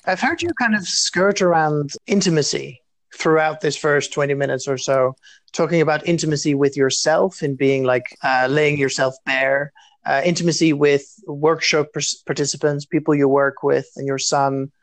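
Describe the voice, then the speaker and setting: A co-host asking an interview question in a curious, measured way. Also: male voice, on the high side, fairly even intonation.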